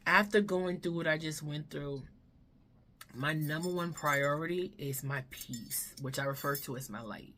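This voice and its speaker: Brief: woman vlogger, low voice, slow and earnest, candid with casual swearing, seated at home. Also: a bit bright, slight background noise. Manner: emotional, drops to a whisper at times. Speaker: beauty vlogger. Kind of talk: candid life-update chat to camera. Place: home room, seated in front of camera.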